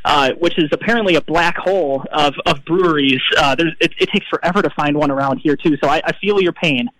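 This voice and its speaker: A man's voice: fairly high pitch, a little fast, a bit bright, a little hiss or hum, rough recording. A man chatting as a radio show guest, hesitant with stammered restarts. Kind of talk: casual interview chat.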